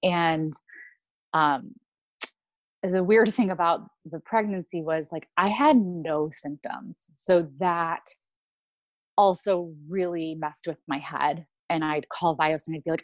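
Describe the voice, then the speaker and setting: A woman's voice: sits low, takes it slowly, dry recording, highs cut off. A young woman telling a personal story in casual chat, with many fillers and restarts. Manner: rambling, lots of fillers and restarts. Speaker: podcast guest.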